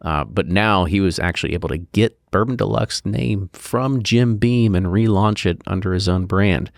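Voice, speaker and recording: A man's voice: sits low, moderate pace, vocal fry, dry recording, studio quality. A man co-hosting a podcast, reading through whiskey news items in a casual, jokey way and riffing on each one. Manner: chatty, jokey, reads items then riffs. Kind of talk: casual news roundup chat.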